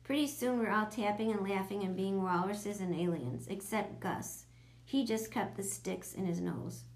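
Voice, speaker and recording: A woman narrating a children's audiobook in a lively, expressive way. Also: medium pitch, moderate pace.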